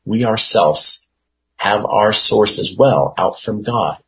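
A man leading a Bible study, reading verses aloud and unpacking them at a very slow, deliberate pace. His voice sits low, and he thinks aloud, pausing on fillers and restarting phrases. The recording sounds dull and lo-fi. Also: slight background noise. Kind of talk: informal Bible study teaching.

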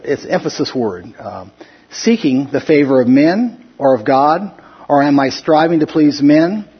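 A man leads a relaxed Bible study in a slightly higher, husky voice, talking loosely with restarts and little chuckles. The recording is dull and lo-fi. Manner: conversational, chuckling asides, halting restarts. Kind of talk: casual Bible study teaching.

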